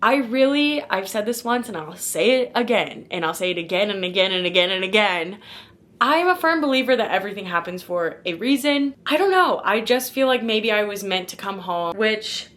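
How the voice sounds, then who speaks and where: A woman's voice: medium pitch, expressive, normal speed, fairly bright tone. A woman in her twenties from Missouri, chatting casually to camera as a vlogger, full of "like" and calling her viewers "guys" and "y'all". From St. Louis, Missouri. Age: 20s.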